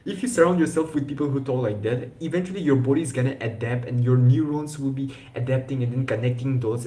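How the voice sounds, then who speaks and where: A man's voice: mid-range voice, warm tone. A young man chatting casually on a live stream, rambling with slang and restarts. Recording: echoey room.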